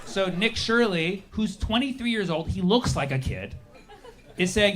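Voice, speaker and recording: A young man doing a stand-up comedy set, sarcastic, jumping into quick acted-out voices. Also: high voice, sing-song, fairly bright tone. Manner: sarcastic, acts out characters in quick bursts. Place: comedy stage with a laughing audience.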